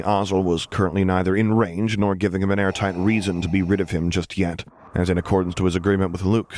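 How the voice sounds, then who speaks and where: A man narrating a story in a steady, unhurried reading. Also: low-pitched, a little hiss or hum. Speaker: audiobook reader. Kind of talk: scripted narration.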